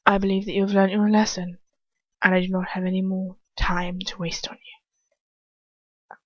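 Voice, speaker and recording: A woman doing a cold, quietly menacing wizard. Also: mid-range voice, flat delivery, measured pace, no room sound, highs cut off, close to an everyday voice. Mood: cool. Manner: quiet, cool, menacing whisper. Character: cold controlling aristocratic wizard man.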